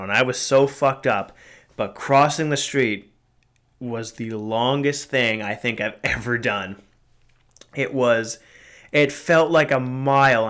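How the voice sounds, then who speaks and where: A man's voice: mid-range voice, pushed and bright, clear, resonant tone. A man in his twenties hosting a podcast, telling a story in a casual, rambling way, with frequent swearing, fillers and restarts. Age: 20s. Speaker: podcast host.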